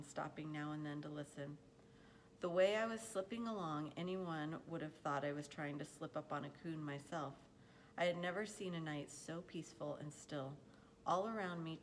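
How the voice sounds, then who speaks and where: A woman reading a novel aloud in a measured, expressive storytelling manner. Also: low-pitched, a little hiss or hum. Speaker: audiobook reader. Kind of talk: audiobook narration.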